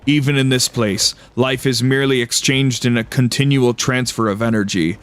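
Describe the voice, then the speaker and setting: A man voicing a serene, genderless cosmic being of light that turns squeaky and panicked when hurt, as he reads a story aloud. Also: steady tone, a bit bright, lightly acted. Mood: solemn. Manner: solemn and slow, then squeaky and panicked in pain.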